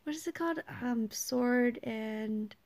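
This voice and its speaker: A woman's voice: on the high side, slow, a little mellow. A woman co-hosting a podcast, playful and giggly, teasing in a sing-song way. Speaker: podcast co-host. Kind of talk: casual podcast chat.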